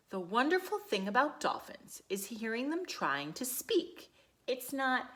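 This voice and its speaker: A woman reads a picture book to a circle of young children in a slow, unhurried way. Her voice swoops high and low in a sing-song storytelling manner, dropping to whispers and breaking into gasps. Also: big pitch swings, sharp tone. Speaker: preschool teacher.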